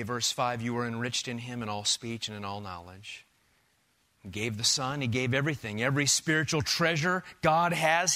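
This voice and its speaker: A male pastor preaches with a bright, forceful tone and a fairly high voice. He pushes key lines with loud emphasis, then drops to hushed asides. His rhetorical questions keep the congregation involved. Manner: animated preaching, rhetorical questions, big swings in volume. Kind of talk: sermon. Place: church sanctuary.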